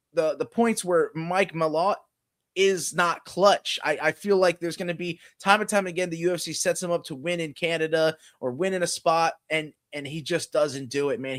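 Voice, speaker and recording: A man's voice: a little high, a bit bright. A man co-hosting a podcast, chatting casually about fight betting with lots of "you know" fillers. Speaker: podcast co-host. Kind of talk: casual sports betting chat.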